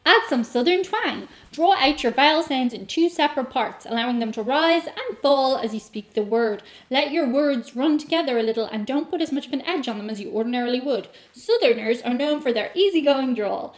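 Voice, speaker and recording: A woman, hosting and reading a tutorial aloud with deadpan jokey asides. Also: high-pitched, fairly quick, few pauses. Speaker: host. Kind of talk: comic reading of an accent tutorial. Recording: echoey room with faint music.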